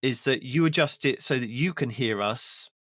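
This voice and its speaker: A man hosting a podcast in casual chat, with dry, teasing humor. He speaks in a middle pitch, and the recording is close and dry with no room sound. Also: moderate pace, a bit bright, no echo. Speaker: podcast host.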